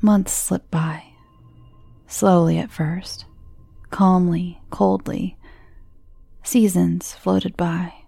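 A woman narrates a horror story slowly and deliberately. Her voice is low and mellow with a gravelly edge. Faint music plays underneath. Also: fairly even intonation, dry recording. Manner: slow, measured storytelling. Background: faint background music.

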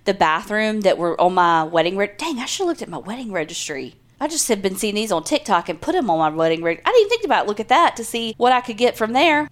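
A woman's voice: mid-range voice, fast, few pauses. A woman co-hosting a podcast, chatting casually and acting out little quotes as she tells stories. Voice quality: chatty, animated storytelling with acted-out quotes and frequent cursing. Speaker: podcast co-host. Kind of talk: casual chat.

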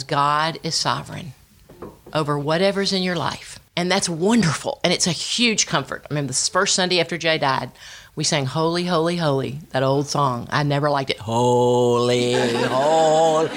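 A woman's voice: deep voice, normal speed. A middle-aged woman giving a personal testimony talk, telling stories with quoted dialogue and bits of sung scripture. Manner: storytelling, animated with quoted dialogue and sung lines. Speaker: women's ministry speaker.

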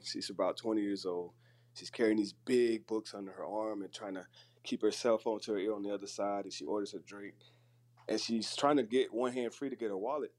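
Man, fairly low voice, casual storytelling, animated, online chat room, phone audio. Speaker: room participant.

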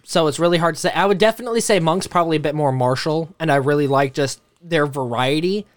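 A man's voice: fairly high pitch, quick pace. A man hosting a podcast, chatting casually with friends, laughing often and swearing freely. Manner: laughing, swearing, easygoing banter. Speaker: podcast host. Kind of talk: casual chat.

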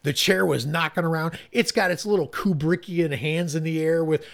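A man co-hosting a casual film discussion, animated, swearing and laughing often as he talks. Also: fairly high pitch, moderate pace, gravelly.

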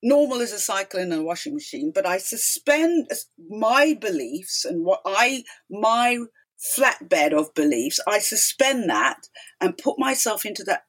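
A woman's voice: mid-range voice, measured pace, breathy edge. A middle-aged woman, a talk show host as guest, telling stories emphatically and acting out quotes in a chatty interview. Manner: animated, emphatic, acts out quotes. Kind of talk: storytelling interview chat.

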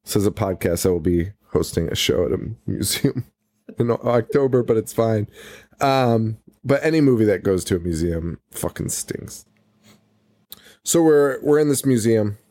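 A man's voice: on the low side, expressive, a little slow, dark tone, no room sound. Laid-back, profane male podcast co-host. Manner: profane, rambling, laughs often. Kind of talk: casual movie-review chat.

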